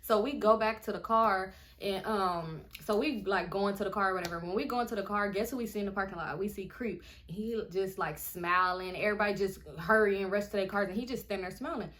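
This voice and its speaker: A woman's voice: medium pitch, a little fast, few pauses, fairly bright tone. A young woman vlogger telling a story in a casual, slangy way and acting out what people said.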